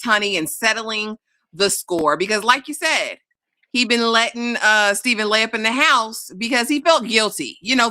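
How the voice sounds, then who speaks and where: A woman co-hosting a casual TV recap, telling the plot in a sassy, animated way. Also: mid-range voice. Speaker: TV recap co-host.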